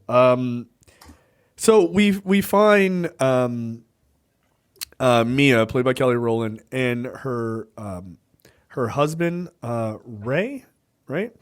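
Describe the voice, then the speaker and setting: A man co-hosting a casual movie review podcast, laid-back and hesitant, full of fillers and quick laughs. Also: mid-range voice, smooth. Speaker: podcast co-host.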